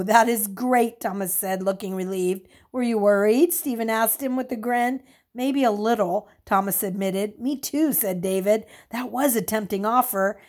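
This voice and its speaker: Calm woman reading a story aloud. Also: medium pitch. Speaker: audiobook narrator. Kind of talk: scripted narration.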